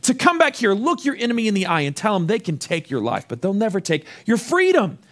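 A man's voice: high-pitched, huge pitch swings, brisk, fairly bright tone, full character voice. A man preaching who voices a male warrior leader urging his troops before battle with urgent exhortation. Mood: rousing.

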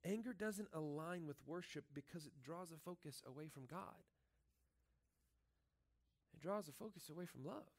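A man with a notably high voice delivers a sermon to his church. He talks loosely and earnestly, leaning on "like" and "right?" as he goes. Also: normal speed, pauses often. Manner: casual and earnest, filling speech with "like" and "right?". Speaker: pastor. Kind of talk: conversational sermon.

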